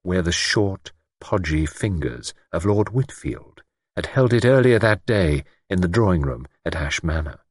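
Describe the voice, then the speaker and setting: A man narrating an audiobook story in a measured, expressive way. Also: deep voice, no echo, studio quality.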